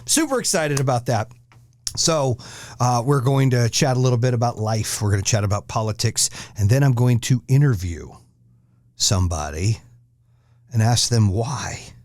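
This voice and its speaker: Male podcast host, mid pitch, dry close mic, profane rant. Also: animated, normal speed, darkish tone, no echo. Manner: blunt, aggressive, swears constantly. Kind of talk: profane ranting monologue.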